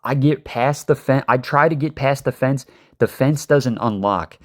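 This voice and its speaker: A man's voice: mid-range voice, measured pace. A man telling a casual storytime tale, rambling with many fillers and swearing.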